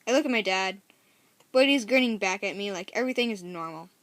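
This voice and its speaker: A woman's voice: medium pitch, animated, fairly quick, a bit bright, no room sound. A woman reading a novel aloud in a casual, first-person way, often correcting herself and making chatty asides. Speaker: story reader.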